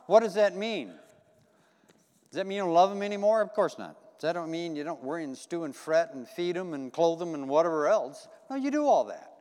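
Folksy preacher with a highish voice. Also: male voice, expressive, normal speed, darkish tone, clean tone. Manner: folksy, repetitive, asks the congregation questions. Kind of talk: conversational sermon. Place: church sanctuary. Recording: long hall reverb.

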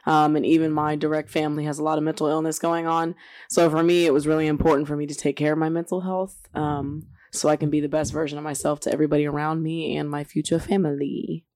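A young woman on a casual podcast, her voice a little lower than most. She tells stories with animated, emotional energy and breaks into laughter often. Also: quick pace. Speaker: podcast co-host.

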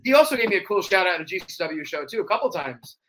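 Bright-voiced animated man. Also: high voice, fast, slight background noise. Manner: animated storyteller, slips into wrestler impressions. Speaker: cosplayer guest. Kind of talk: casual chat.

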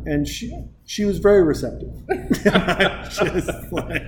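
A man in casual chat, telling lively anecdotes and acting out the people in them. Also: sits high, slow, slight background noise. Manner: storytelling, animated quoting of others.

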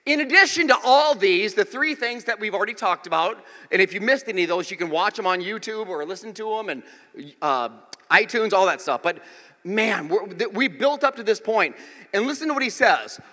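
Lively pastor guy preaching, bright voice, big reverby church hall. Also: sits high, brisk. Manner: animated, jokey storytelling with voiced quotes. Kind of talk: sermon with storytelling. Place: church auditorium.

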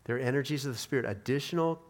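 A man's voice: medium pitch, quick pace. A man preaching a sermon as a pastor, conversational, with restarts and voiced prayers of his hearers.

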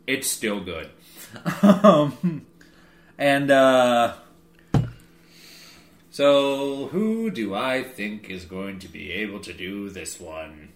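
A man's voice: mid-range voice, animated, extremely slow, long pauses, roomy sound, a little hiss or hum. A young man hosting a casual drinking game with friends, swearing and groaning through a hot sauce dare. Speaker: host. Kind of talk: casual chat while playing a drinking game.

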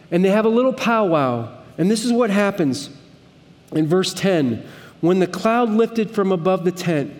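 A man's voice: fairly high pitch, a little mellow, long reverb tail. A man preaching a sermon as pastor, earnest and conversational, with pleading emphasis at times.

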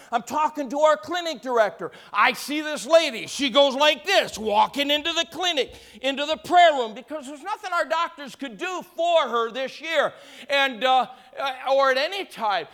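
A man preaching as a pastor, telling a story and swelling into shouts to call for praise from his listeners. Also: extremely high pitch. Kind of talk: sermon.

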